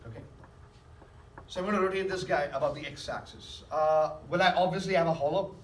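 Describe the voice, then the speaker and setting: High-voiced male teacher in an echoey classroom. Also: a little fast. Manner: coaxing, keeps checking understanding. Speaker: math teacher. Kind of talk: classroom lecture with questions to students. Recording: echoey classroom from far off, faint hiss.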